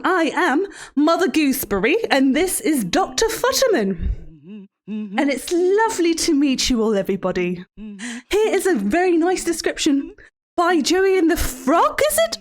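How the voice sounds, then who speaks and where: A woman doing Mother Gooseberry, shrill and sing-song. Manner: sing-song, mock-sweet, sudden profane outbursts. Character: creepy sing-song woman children's show host. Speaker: streamer. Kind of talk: livestream role-play.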